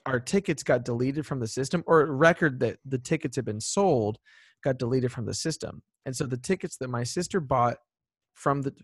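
A podcast co-host with a mid-range voice tells stories in casual chat, animated and acting out the voices of people he quotes. The recording is clean studio sound with no room noise.

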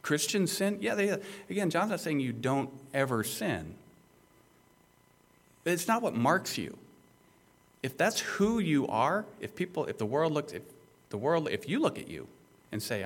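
A man's voice: a little high, big pitch swings, measured pace, long pauses. A male pastor preaching an expository sermon, emphatic and conversational, with rhetorical questions to the listeners.

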